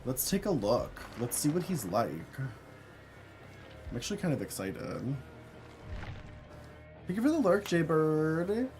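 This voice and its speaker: A man's voice: on the high side, takes it slowly, long pauses, soft background music. A man livestreaming a game, chatting casually and playfully with his chat and laughing often. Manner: campy, playful, reads chat aloud; laughs often, yells when excited.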